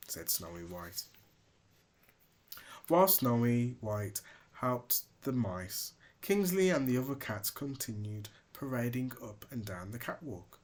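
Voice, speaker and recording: A man narrating a children's picture book aloud with expressive, dramatic storytelling. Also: fairly low pitch, measured pace. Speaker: father reading aloud.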